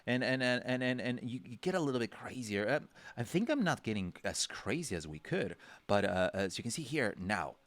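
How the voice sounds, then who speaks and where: This man's medium-pitched voice swings widely in pitch, moves briskly with hardly any pauses, and sounds a bit bright, without echo. He teaches drawing on a livestream in a rambling, chatty way, restarting often, using fillers, and acting out characters' reactions with small voices.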